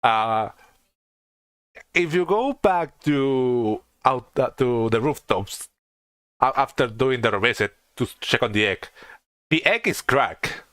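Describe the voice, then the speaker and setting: A man's voice: medium pitch, expressive, takes it slowly, fairly bright tone, no room sound. A young man giving casual, rambling commentary on a video game he is playing. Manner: rambling, restarts, lots of fillers. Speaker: let's play streamer. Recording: faint game music behind.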